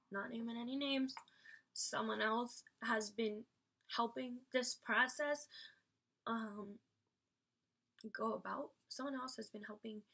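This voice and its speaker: A woman speaking straight to her audience in a rambling, emphatic vlog story, circling back with fillers and dropping swear words freely. Her voice sits a little high, with a gravelly, husky edge. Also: a bit bright. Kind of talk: personal storytelling rant.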